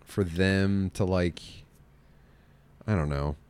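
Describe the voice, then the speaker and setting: A man's voice: low voice, steady tone, slow pace, darkish tone, smooth. A father talking frankly in a casual podcast chat, swearing freely and restarting his sentences as he searches for words.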